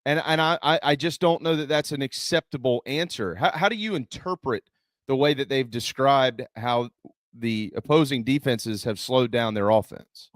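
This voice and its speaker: A man's voice: mid-range voice, normal speed, no echo, studio quality. Earnest man hosting sports talk. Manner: earnest, stumbling over his words.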